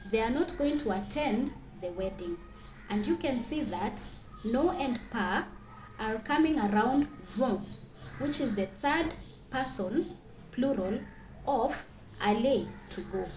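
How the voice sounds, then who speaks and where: A woman teaching a grammar lesson, clearly reading out French example sentences and then translating them. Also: a little high, lively intonation, takes it slowly, a little mellow, roomy sound, slight background noise.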